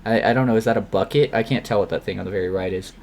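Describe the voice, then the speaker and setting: A young man with a fairly low voice chats casually with a friend as they play through a game together. He swears freely, and the faint room ambience stays behind him throughout. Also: very fast, slight background noise. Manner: swears often, reads journal passages in a hushed voice. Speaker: game player. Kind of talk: casual let's-play chat with reading aloud.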